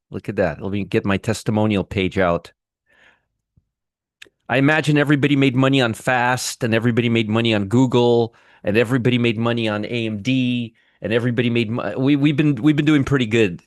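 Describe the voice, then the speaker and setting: A man's voice: medium pitch, no echo, clean studio sound. A middle-aged man hosting a casual trading livestream, rambling and greeting viewers one by one by name, with frequent restarts. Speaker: trading show host.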